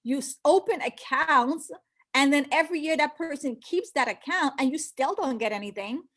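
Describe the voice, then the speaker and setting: A middle-aged woman, born outside the US, recruiting for a financial business in an emphatic motivational pitch, repeating key phrases and asking rhetorical questions. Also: normal speed, a bit bright.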